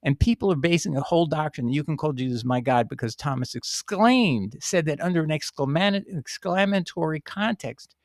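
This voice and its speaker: A man's voice: on the high side, fairly quick, hardly any pauses, no room sound, clean studio sound. A middle-aged man reading a letter aloud and arguing his point with emphasis and frequent restarts. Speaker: video host answering a viewer.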